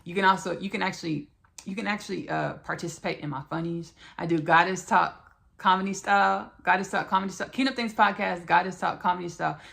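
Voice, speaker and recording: A woman's voice: lowish voice, fast talker, vocal fry, fairly bright tone. A woman hosting a spiritual podcast monologue who repeats her phrases and talks straight to her listeners as "y'all" and "baby.". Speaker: podcast host.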